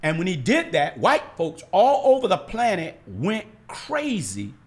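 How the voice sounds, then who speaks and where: A man's voice: high-pitched, wildly swooping pitch, measured pace. A man telling stories as a podcast guest, acting out quoted dialogue with emphatic, passionate delivery. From United States. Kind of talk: storytelling in casual conversation.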